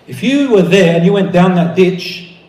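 A man preaching a sermon to brothers and sisters, telling a story with animated, rising emphasis. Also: sits high, normal speed. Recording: echoey room.

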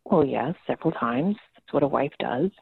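Woman doing a snobby mother with a smoker's rasp. Proud, defensive, thin phone-line sound. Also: low voice, lively intonation, moderate pace, no echo, pitched below the performer's own voice, exaggerated voice. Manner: haughty, defensive.

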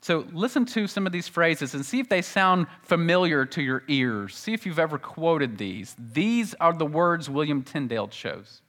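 Earnest preacher, man with a slightly high voice. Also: very animated, a bit bright. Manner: earnest teaching, slows to recite scripture. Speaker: pastor. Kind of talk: sermon.

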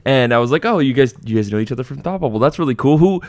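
A man's voice: mid-range voice, expressive, rapid-fire, a little mellow, no room sound, studio quality. A young man hosting a podcast, telling a story in casual chat and acting out the voices of people he quotes. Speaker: podcast host.

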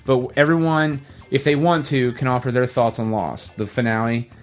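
A man hosting a casual podcast, talking in a rambling, animated way with many restarts. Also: medium pitch, normal speed, faint music behind. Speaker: podcast host.

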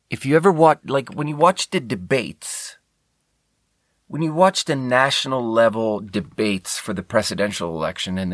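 A man's voice: mid-range voice, no room sound, studio quality. A man hosting a podcast, telling a story in a rambling way, often correcting himself mid-sentence and swearing casually. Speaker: podcast host.

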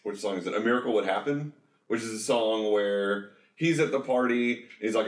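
Enthusiastic low-voiced man in an echoey room. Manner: enthusiastic, rambling, quick asides. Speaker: podcast co-host. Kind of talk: casual chat about a musical.

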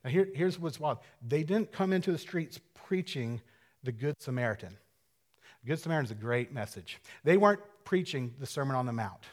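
Animated man preaching a sermon. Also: fairly high pitch. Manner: dynamic preaching, swings between hushed and loud emphasis; conversational asides and self-corrections. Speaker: pastor.

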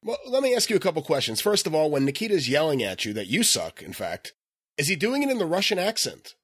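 A man interviewing a guest, asking quick follow-up questions with amusement. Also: a little high, wildly swooping pitch, a bit bright, slightly rough, no echo, clean studio sound.

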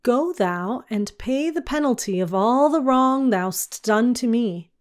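A woman's voice: fairly high pitch, lively intonation, slow pace, darkish tone, clear, resonant tone. A woman reading the lines of an angry king in a storybook poem, in commanding archaic speech. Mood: wrathful. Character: stern angry old-world king, man.

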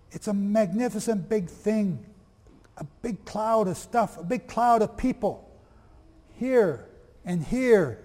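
A man teaching a lively sermon, reading aloud from old texts and firing questions at his audience. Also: sits high, in a large hall. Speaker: preacher.

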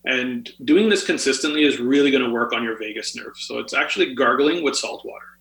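Male podcast guest, bright voice, roomy echo, chatty explainer with fillers. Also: medium pitch, brisk, vocal fry. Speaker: guest health author. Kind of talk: podcast interview, explaining health tips.

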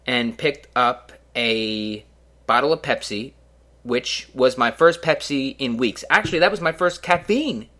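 Young male podcast host, bright voice, middle pitch, rambling and sarcastic. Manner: rambling, self-mocking, with sarcastic asides. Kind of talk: casual solo podcast monologue.

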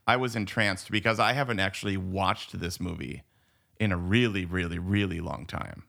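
A man's voice: low-pitched, moderate pace, gravelly, pushed and bright. A man co-hosting a movie podcast in casual chat, enthusiastic and rambling, full of "like" and restarts. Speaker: podcast co-host.

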